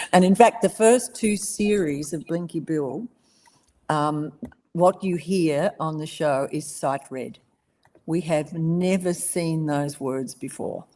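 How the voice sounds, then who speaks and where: A woman in her seventies with an Australian accent, a voice actress telling lively stories in a casual interview and laughing often. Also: deep voice, slow pace. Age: 70s. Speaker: voice actress guest.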